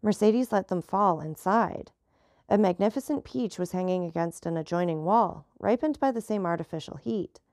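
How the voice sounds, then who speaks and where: A woman narrating a classic novel as an audiobook reader, in a steady storytelling manner. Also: lowish voice, moderate pace, dry recording, clean studio sound.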